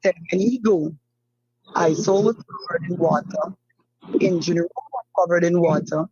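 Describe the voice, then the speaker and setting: A woman whose husband is a missing fisherman recounts events in an interview, halting and repeating herself with many fillers. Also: lowish voice, warm tone, husky, dry recording, lo-fi sound. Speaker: family member of a missing fisherman, interview guest. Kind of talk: emotional first-hand account in an interview.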